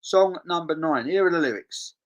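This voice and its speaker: A man's voice: fairly high pitch, expressive, moderate pace, low-quality recording. A man with an English accent hosting a music quiz on a casual livestream, full of banter, repeating his phrases and reading out viewers' chat.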